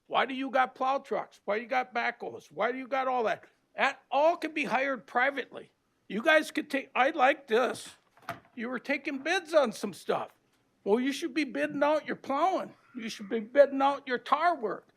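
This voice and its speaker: An older man from Minnesota giving an aggrieved, blunt public comment at a county board meeting, plain-spoken with rough grammar. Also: very high-pitched, animated, normal speed, fairly bright tone. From Minnesota, USA.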